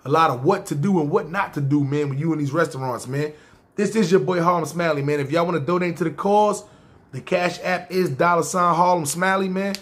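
This is a New man who narrates his own life to camera. He speaks in loose street slang and keeps checking in with "see what I'm saying." His voice sits a bit higher than most men's. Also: brisk. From New York. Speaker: YouTube storyteller. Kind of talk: casual personal storytelling.

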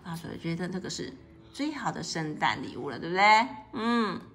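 A woman reading a picture book aloud to a child, explaining the pictures in a lively way, often laughing and asking questions. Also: fairly low pitch, fairly quick. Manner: lively, asks a child questions, mixes in English.

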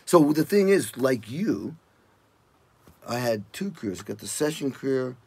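Husky older man telling stories. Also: unhurried, dry recording. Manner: animated, acts out quotes in loud high voices. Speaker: guest drummer telling stories. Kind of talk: casual interview storytelling.

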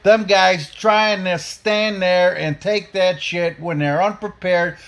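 A man's voice: sits high, fairly even intonation, slow, gravelly, a bit bright. A man delivering a blunt, profane, heated opinion rant as a podcast host.

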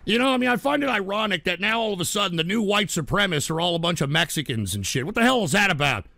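A man's voice: high voice, lively intonation, fast, creaky, dry recording. A man hosting a livestream, reading donations aloud and ranting angrily with a lot of profanity. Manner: profane, heated, swings into shouting. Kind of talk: angry ranting livestream talk.

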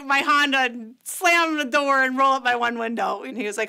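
A woman's voice: sits high, moderate pace, sharp tone, clear, resonant tone, poor audio. A woman recounting her past in a candid documentary interview, swearing freely and acting out her own outbursts.

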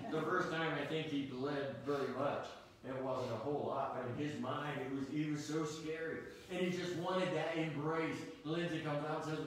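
A middle-aged man preaches from a pulpit with an earnest manner, stopping often to ask his listeners questions. His voice sits a little high for a man. He is picked up from a distance in a very echoey church sanctuary, with a faint hiss behind him. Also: steady tone, normal speed. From United States. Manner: earnest preaching with rhetorical questions and frequent restarts. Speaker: pastor. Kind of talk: sermon.

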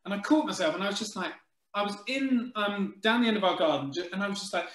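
A man's voice: high voice, expressive, fast talker, fairly bright tone, reverberant. A man in his forties, a guest on an interview, telling stories bluntly with jokes and swearing. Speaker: actor guest. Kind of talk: casual chat.

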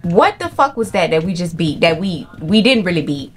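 Jumpy, excitable young woman gamer. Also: fairly low pitch, normal speed, a little hiss or hum. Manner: excitable, profane, jumpy reactions. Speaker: gaming channel host. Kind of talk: live horror game commentary.

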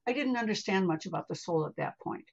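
An older American woman guest telling personal stories in an interview, chatty and animated, calling the listener honey. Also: fairly low pitch, fast talker, gravelly, breathy edge. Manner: animated, vivid retelling with acted asides. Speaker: podcast guest, spiritual healer. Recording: dull lo-fi sound.

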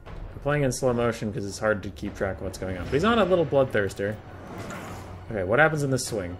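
A man's voice: mid-range voice, animated, fairly quick, soft background music. A man giving a casual, rambling and amused commentary on a video game clip.

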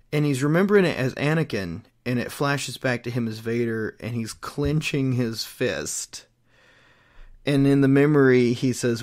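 A man's voice: medium pitch, unhurried. A man casually retelling a comic book storyline, rambling with plenty of fillers and restarts. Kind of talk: casual chat.

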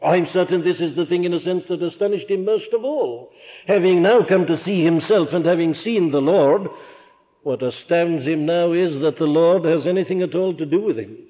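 Older Welsh preacher in an echoing hall. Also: male voice, moderate pace. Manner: earnest, rising to fervent emphasis then dropping low. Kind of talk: sermon. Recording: tinny archival church sermon recording with long hall reverb.

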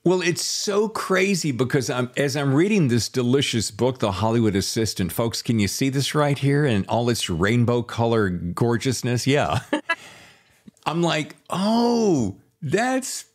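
A middle-aged man hosting an interview podcast, chatty and teasing, often jumping into high mock voices. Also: animated, normal speed, few pauses. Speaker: podcast host.

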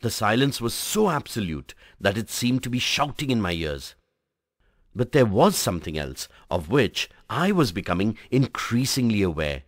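A man teaching a class by reading a textbook story aloud in an expressive storytelling manner. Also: fairly low pitch, moderate pace, no echo, clean studio sound. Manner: dramatic, varied storytelling delivery. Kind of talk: expressive read-aloud narration.

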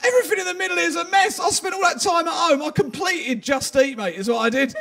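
A man's voice: extremely high pitch, lively intonation, racing, vocal fry. A man doing a stand-up comedy set in a live venue, trading crude, self-deprecating banter with the crowd.

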